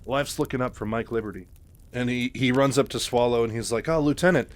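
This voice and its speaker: A man recaps a book chapter by chapter in a loose, rambling way, full of fillers and restarts. His voice sits at an ordinary middle pitch. It is casual, unscripted storytelling. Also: fairly even intonation, fairly quick. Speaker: narrator.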